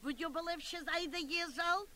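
A woman talks her way through a comic monologue as the chair of a club meeting. She is chatty and bossy, with broken-English phrasing. Her voice is high and bright. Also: fairly quick, low-quality recording.

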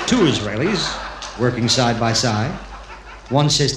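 A man's voice: medium pitch, animated, unhurried. A man telling stand-up jokes to a live audience, storytelling with Yiddish phrasing and putting on character voices. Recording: echoey room with faint noise.

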